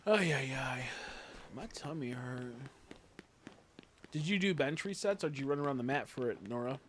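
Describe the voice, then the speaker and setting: A man's voice: mid-range voice, lively intonation, normal speed, slight background noise. A young man in casual live-stream chat, rambling and swearing as he talks to his viewers.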